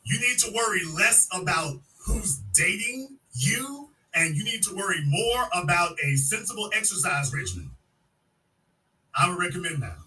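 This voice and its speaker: This host sounds distant from the mic as he combatively mocks a caller, insults her and talks over her. He speaks at a normal speed in a high, sharp-toned voice with big pitch swings.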